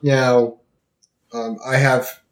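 A man's voice: mid-range voice, little pitch movement, extremely slow, roomy sound, crowd noise. A man playing a tabletop role-playing game, joking and teasing the others as he talks. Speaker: player. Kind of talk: casual tabletop play.

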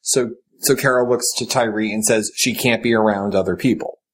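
A man's voice: lowish voice, steady tone, a little fast, slight background noise, poor audio. Man, casual podcast chat, rambling recap, restarts, acts out quotes. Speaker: podcast co-host.

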